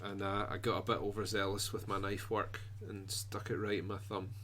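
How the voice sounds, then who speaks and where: An easygoing man chatting on a podcast, his voice sitting a little on the low side. He rambles along in a self-deprecating way. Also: monotone, brisk, fairly bright tone, slight background noise. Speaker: podcast co-host. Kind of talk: casual chat.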